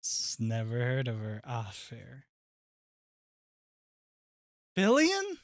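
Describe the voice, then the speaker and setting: A male streamer chatting casually to viewers on a live stream, excitable and loud, swearing and laughing often. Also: mid-range voice, normal speed, no echo, studio quality.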